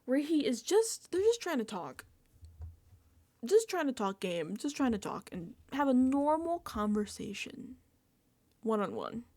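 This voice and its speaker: A young woman recapping a reality show in casual reaction commentary, animated and laughing with exasperated asides. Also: sits high, measured pace.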